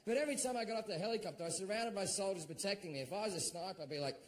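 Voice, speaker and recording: A middle-aged Australian man doing stand-up, telling a story in a profane, animated way and shouting out his own quoted lines. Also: sits high, racing. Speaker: stand-up comedian.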